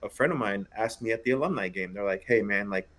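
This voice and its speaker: A man's voice: fairly low pitch, fast, fairly bright tone. A man co-hosting a podcast in casual chat, rambling and filling his talk with "like" and "you know.". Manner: conversational, rambling, lots of "like".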